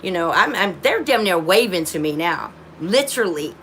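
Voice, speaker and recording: A woman's voice: on the low side, sing-song, moderate pace, fairly bright tone, slight background noise. A woman with grown children hosting a casual livestream from her phone, rambling with many restarts and talking to viewers as y'all. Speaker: livestream host.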